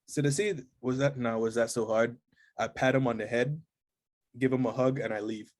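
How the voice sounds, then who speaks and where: A man playing a tabletop game, halting and playful, laughing between his lines. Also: mid-range voice, fairly even intonation. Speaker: player.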